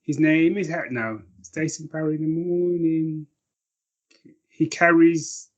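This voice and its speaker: A man's voice: fairly high pitch, steady tone, measured pace, dull audio. A man hosting a morning podcast, bantering in a dry, joking way. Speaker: podcast host. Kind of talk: casual chat.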